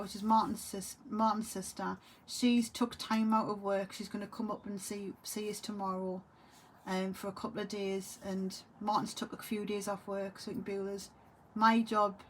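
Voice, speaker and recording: A grieving, tearful woman talks to camera in a halting way, often trailing off and repeating herself. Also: medium pitch, flat delivery, slight background noise. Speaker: vlogger. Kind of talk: emotional monologue to camera.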